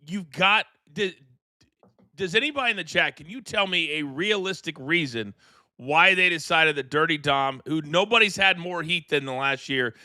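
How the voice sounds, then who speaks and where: A middle-aged man hosting a live wrestling watchalong, ranting in animated, incredulous commentary from a studio mic. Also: a little high, moderate pace, no room sound. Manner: animated, incredulous, rambling rants. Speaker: host.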